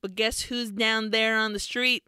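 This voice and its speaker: A woman co-hosting a podcast, casually retelling a film with lively voiced asides. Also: fairly high pitch, unhurried, clear, resonant tone, no echo. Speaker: podcast co-host. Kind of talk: casual film recap chat.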